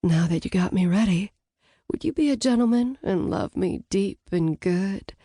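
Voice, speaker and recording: A woman's voice: mid-range voice, expressive, normal speed, mellow, no echo, clean studio sound. A woman putting on a sultry scheming seductress.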